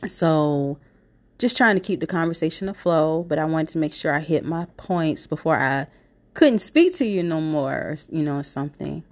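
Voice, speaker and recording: A woman with a stuffy, blocked-nose voice from a cold talks alone into her podcast mic. Her voice sits a little on the lower side. She rambles in a loose, casual way, filling gaps with "you know" and "like". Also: lively intonation, normal speed. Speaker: podcast host. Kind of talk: casual solo podcast talk.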